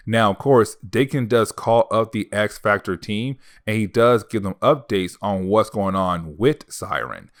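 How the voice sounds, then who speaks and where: A man's voice: on the low side, fairly bright tone. A man hosting a comic book recap channel, retelling stories in a loose, casual way with lots of "now, of course" and "basically".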